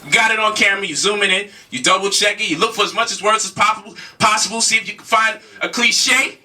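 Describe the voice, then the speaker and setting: A man's voice: high voice, quick pace, pushed and bright, far from the mic. A man giving a heated spoken lecture, emphatic, with repeated rhetorical questions and casual slang. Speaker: speaker challenging a debate opponent.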